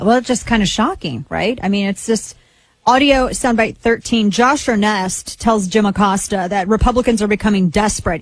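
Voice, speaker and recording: A woman's voice: mid-range voice, moderate pace, no room sound. A woman hosting a talk radio show, chatting casually in a rambling, playful way with lots of asides.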